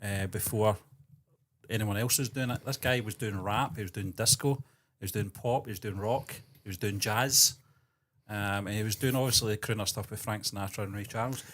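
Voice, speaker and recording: A man co-hosting a podcast, reading news in a measured way and chatting with hesitant pauses. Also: lowish voice, a bit bright. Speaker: co-host. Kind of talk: news reading and casual chat.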